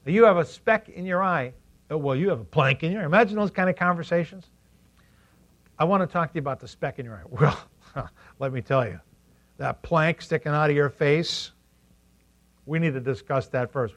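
A man preaching a sermon as pastor, animated, asking the congregation questions and acting out quotes in funny voices. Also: fairly high pitch, a little fast. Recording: dull lo-fi recording.

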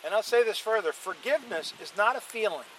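A man's voice: high voice, animated, fast talker, a bit bright, slight background noise, low-quality recording. A man preaching a sermon, emphatic, repeating lines for stress and calling on the congregation to say them with him. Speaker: pastor.

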